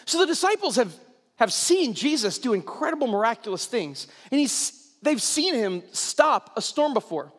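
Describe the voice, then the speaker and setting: A man's voice: extremely high pitch, sing-song, moderate pace, fairly bright tone. A young adult man preaching a sermon, telling the story casually and animatedly as a pastor. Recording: long reverb in a large hall.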